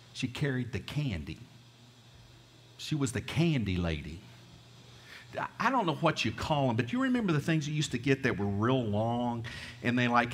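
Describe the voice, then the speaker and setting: A man's voice: medium pitch, a bit bright. A middle-aged man with a Southern US twang, preaching a folksy storytelling sermon and asking the congregation questions. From American South. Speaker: pastor. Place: church sanctuary. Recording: reverberant church hall.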